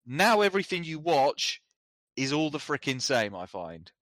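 A man co-hosting a casual chat, relaxed and halting, with many fillers and restarts. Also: fairly high pitch, no echo. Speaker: podcast co-host.

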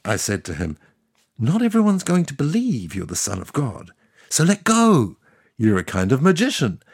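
God as a gravelly, wry old deity. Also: male voice, medium pitch, wildly swooping pitch, normal speed, no echo, studio quality, heavily acted. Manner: sardonic, conversational storyteller. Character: God, ancient male deity, wry and chatty. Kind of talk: scripted comic monologue.

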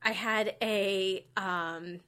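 A woman co-hosting a casual podcast chat, telling animated stories and laughing often. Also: medium pitch, extremely slow, clear, resonant tone. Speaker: podcast co-host.

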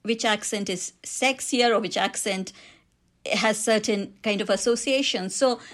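A woman with an Indian accent, an author answering interview questions about her book, reflective and quick to laugh. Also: medium pitch, a bit bright. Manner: reflective, laughs easily, frequent restarts.

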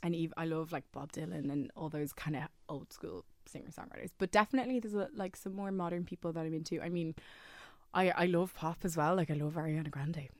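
A young woman talks in a fairly low voice, chatty and quick to giggle, with plenty of trailing fillers. She sounds close and dry, with no room around her. She is a singer and actor chatting as an interview guest. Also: fairly even intonation, a little mellow, no room sound. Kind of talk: casual radio interview chat.

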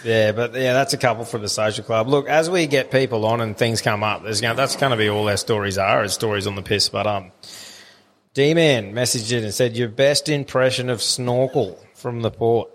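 A man's voice: fairly low pitch, fairly quick, a bit bright. A man with an Australian accent co-hosting a podcast, telling rambling, swear-filled stories with a lot of laughter. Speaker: podcast co-host. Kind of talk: casual chat.

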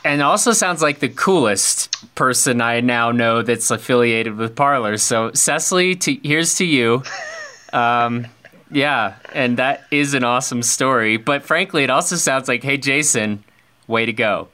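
A male podcast host with a mid-range voice and a bright, clear tone. He keeps the conversation loose and teasing, trading jokes with his guest before signing off. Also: mid-range voice, measured pace. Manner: friendly, joking banter. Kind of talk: casual interview conversation.

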